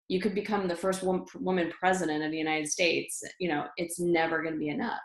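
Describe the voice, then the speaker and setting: Middle-aged woman, interview guest, fairly low voice, lively anecdotes full of fillers and laughs; roomy echo. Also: brisk. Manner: animated, laughs often, many fillers and restarts. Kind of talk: personal storytelling in conversation.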